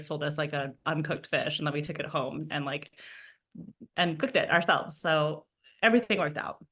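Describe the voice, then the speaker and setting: A woman in her thirties with a fairly low voice, speaking as a podcast guest. She talks in an animated, casual way, packed with "like" fillers and emphatic repetitions, and comes through a remote call microphone. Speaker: podcast guest, spiritual coach. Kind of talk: casual conversational storytelling. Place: at home property, indoors.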